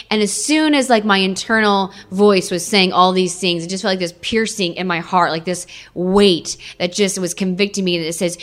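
A woman's voice: fairly low pitch, fairly quick. A young adult woman giving an emotional personal testimony to an audience, repeating phrases for emphasis.

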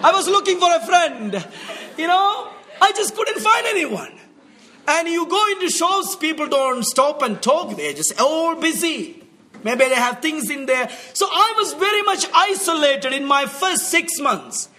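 A man from India with an Indian accent, telling an earnest, emotional faith testimony as a missionary brother, often laughing, then dropping soft and low. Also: lively intonation, unhurried.

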